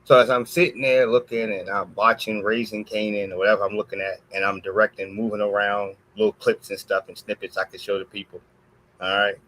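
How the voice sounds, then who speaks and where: A live streamer telling a story in a casual rant, peppering his talk with "all right" and swinging from low mutters to high exclamations. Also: flat delivery, brisk, a bit bright, poor audio.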